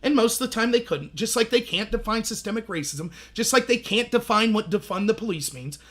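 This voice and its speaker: A man in his thirties hosting a livestream, telling animated stories in casual commentary and acting out the voices he quotes. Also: high voice, brisk. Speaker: livestream host.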